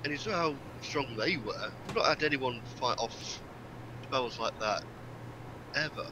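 A man speaking in character as a player in a tabletop game over online voice chat, earnest and measured. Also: medium pitch, animated, background noise.

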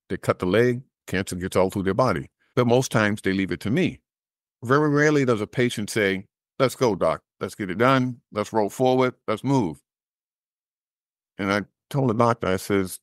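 A middle-aged man telling a personal story as an interview guest, animated and acting out the dialogue he recalls. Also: fairly low pitch, no echo, clean studio sound. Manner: animated storyteller who acts out quoted dialogue, laughs at his own jokes.

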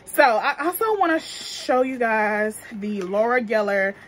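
A woman's voice: fairly high pitch, expressive, a little slow, a bit bright. Young woman w/ african american accent, chatty and slangy, cussing a lot, faint hiss behind her. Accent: African American Vernacular English. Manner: chatty, slangy, profane, laughs often. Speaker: beauty vlogger. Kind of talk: casual makeup review.

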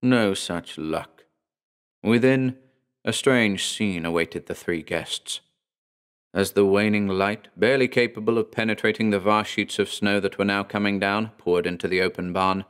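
A man with a fairly low voice narrates a horror story. His delivery is measured and deliberate, in a scripted storytelling style. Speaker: narrator and author.

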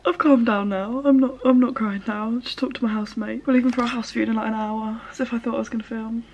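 A young woman in her twenties talking casually to camera, excitable and emotional, fast and breathless. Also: on the high side, a little hiss or hum. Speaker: vlogger. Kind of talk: casual vlog talk.

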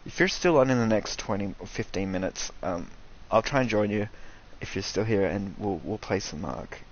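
Excitable, sweary Aussie gamer guy. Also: on the low side, normal speed, muffled recording, a little hiss or hum. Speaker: gaming streamer. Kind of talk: casual game commentary.

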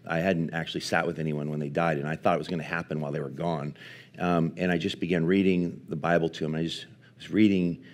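Man, very deep voice, preacher, earnest sermon storytelling, halting delivery. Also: darkish tone. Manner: earnest, halting with restarts and fillers. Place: live church service.

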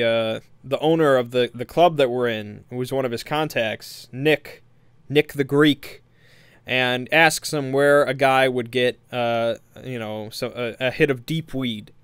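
A man walks through a tabletop game session in a loose, rambling recap, circling back on himself and chuckling at his party's choices. His voice is smooth and clear at a middling pitch. It is recorded close and dry. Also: steady tone, takes it slowly, a bit bright, dry recording. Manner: meandering, hesitant, amused storytelling. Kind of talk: casual spoken recap.

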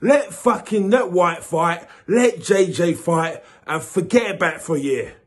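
High-voiced man ranting about boxing. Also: measured pace. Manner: animated, swearing, repeats himself, rising to shouts. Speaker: boxing channel host. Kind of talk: casual boxing opinion rant.

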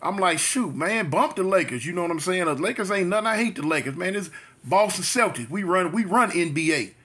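Speaking quickly with lively intonation, this man's voice sits high, a bit bright and slightly rough. He's a vlogger in his fifties from South Central LA, chatting through a storytime monologue for his channel and leaning on repetition and street slang.

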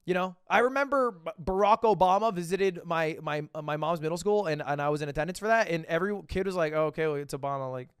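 A man's voice: high-pitched, fast talker, hardly any pauses, clear, resonant tone, no room sound. A young man streaming, telling a rambling story to his chat with lots of restarts and swearing.

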